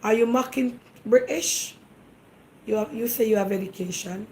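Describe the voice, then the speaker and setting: A woman's voice: on the high side, normal speed, warm tone, slight background noise, low-quality recording. Emphatic Jamaican woman talk host. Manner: emphatic, fires rhetorical questions at listeners; speaks directly to the audience, defensive and insistent. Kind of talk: casual monologue to viewers.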